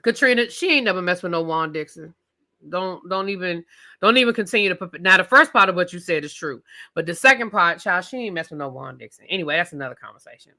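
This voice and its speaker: A woman's voice: lowish voice, lively intonation, fast, sharp tone. A woman reviewing a reality TV show on a live stream, ranting with emphatic, profane commentary and talking straight to her viewers. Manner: direct address to viewers.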